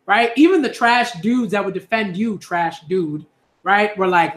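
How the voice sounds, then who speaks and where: A man's voice: high voice, normal speed, fairly bright tone, roomy sound. A man speaking earnestly in a casual monologue, repeating himself with many fillers and restarts. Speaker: YouTube commentator.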